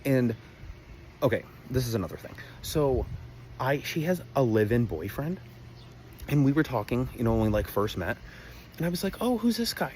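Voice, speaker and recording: A man's voice: medium pitch, lively intonation, moderate pace, pauses often, a little mellow, slight background noise. A young man rambling through a comedic personal story to camera, exaggerated and full of asides. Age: young adult.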